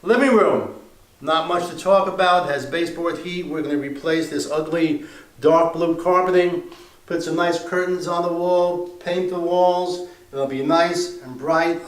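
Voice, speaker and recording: A man who invests in real estate, giving a casual, plain-spoken walkthrough of a house he is renovating, thinking aloud as he goes. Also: fairly high pitch. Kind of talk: walkthrough property tour. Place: empty house under renovation, indoors. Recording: echoey bare rooms.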